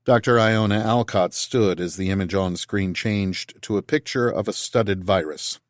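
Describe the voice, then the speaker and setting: A male narrator reading a science fiction audiobook in a steady, even storytelling style. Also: fairly low pitch, moderate pace, few pauses, no echo, clean studio sound.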